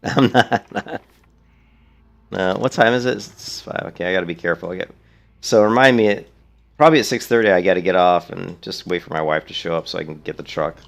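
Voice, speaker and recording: A man's voice: low-pitched, quick pace, vocal fry. A man streaming a video game, chatting casually in a rambling, profane way. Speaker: let's play streamer. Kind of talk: casual gaming commentary.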